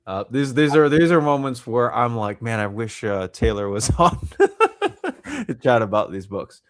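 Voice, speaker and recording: A man hosts a podcast in easy, casual chat. He reads comic titles and prices one after another, often pausing on an "uh." His voice sits at an ordinary pitch and sounds dry and close, with no room behind it. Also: no echo. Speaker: podcast host.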